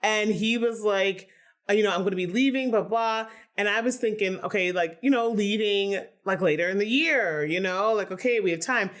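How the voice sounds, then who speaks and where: A woman from Philadelphia, a podcast guest talking candidly and casually, with many "like"s and an animated, open way of speaking. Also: mid-range voice, moderate pace. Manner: candid, animated, heavy use of "like". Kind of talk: casual conversation.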